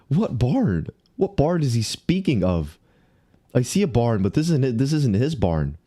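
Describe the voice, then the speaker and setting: Mellow-voiced man streaming a game. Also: medium pitch, big pitch swings, measured pace, long pauses. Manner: talks to himself, chats with viewers, mildly exasperated. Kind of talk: casual live game commentary.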